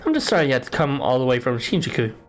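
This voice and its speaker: A man's voice: mid-range voice, sing-song, very fast, faint music behind, close to an everyday voice. A man voicing a cheerful male farmer with a put-on Texas country drawl, folksy and hearty.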